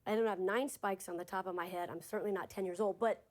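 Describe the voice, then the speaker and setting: A woman's voice: mid-range voice, steady tone, moderate pace, a little mellow. A woman in a documentary interview, speaking in a playful, chatty way. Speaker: voice actor.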